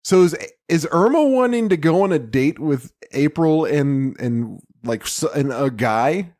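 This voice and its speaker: Male podcast co-host, higher pitch, curious, laughs easily. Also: animated, a little mellow, no echo, studio quality. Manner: inquisitive, quick to laugh. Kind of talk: casual chat.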